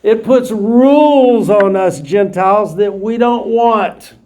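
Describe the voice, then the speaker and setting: Male Bible teacher with a high voice, explaining scripture to a class. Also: slow pace, darkish tone. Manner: explains verses plainly, restating them in his own words. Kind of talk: verse-by-verse Bible study lecture.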